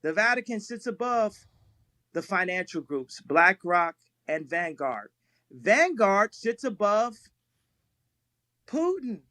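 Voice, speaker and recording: A man telling stories in casual talk on a live stream, animated, laughing often and repeating himself. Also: high-pitched, no echo. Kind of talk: casual storytelling.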